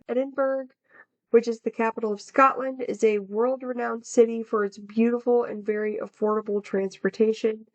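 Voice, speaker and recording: Young american woman, casual podcast co-host, slightly high voice, dull lo-fi recording. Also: darkish tone. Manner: chatty, reads facts with casual fillers. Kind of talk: casual podcast chat, reading researched facts. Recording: dull lo-fi sound.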